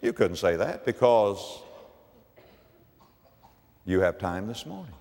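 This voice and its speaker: An older man, a pastor, preaching a sermon with dramatic swings from emphatic peaks to low, quiet lines. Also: sing-song, takes it slowly, vocal fry, pauses often. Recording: long hall reverb.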